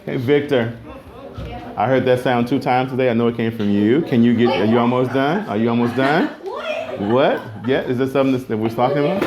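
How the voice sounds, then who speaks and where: A man teaching a music class, keeping students on task with firm, brisk directions and some playful teasing. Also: mid-range voice. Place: school classroom. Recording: noisy classroom with students chattering.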